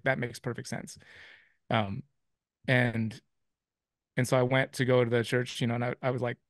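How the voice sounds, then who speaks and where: As a guest, a man gives a personal faith testimony, rambling along with many restarts and acting out what people said. His medium-pitched voice is captured in clean studio sound with no echo.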